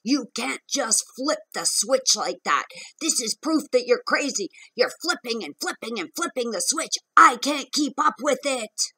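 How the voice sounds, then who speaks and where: A woman's voice: a little high, animated, unhurried, pushed and bright, slightly rough, voice pushed up, full character voice, rough recording. A woman acting out the words of her angry male partner, hurling contemptuous insults in a raised voice.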